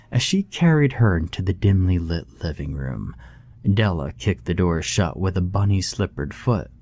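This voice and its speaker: Deep, slow horror story narrator man. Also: darkish tone. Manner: slow and measured, dramatic.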